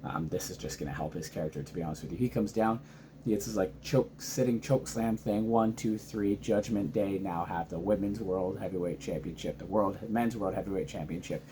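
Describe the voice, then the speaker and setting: A married man casually recapping wrestling, excited and rambling with many ums and restarts. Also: low-pitched, a little fast, background noise. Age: adult, married father. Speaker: wrestling reaction vlogger. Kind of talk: casual reaction vlog.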